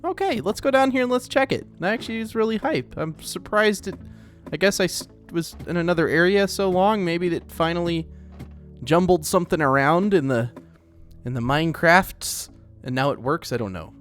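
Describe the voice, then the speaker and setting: A young man from Oklahoma with an Oklahoman accent talks through his gameplay in a chatty, rambling, self-deprecating way. His voice sits a little high for a man. Faint music plays behind him. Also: moderate pace, a bit bright. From Oklahoma, United States. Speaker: let's play host. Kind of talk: casual gameplay commentary.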